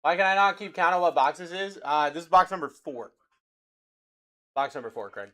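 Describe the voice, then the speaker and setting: A man's voice: on the high side, normal speed, fairly bright tone. A young man hosting a live card-break stream, chatting with viewers in a hyped way as he calls out player names to buyers. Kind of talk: livestream card-break calling.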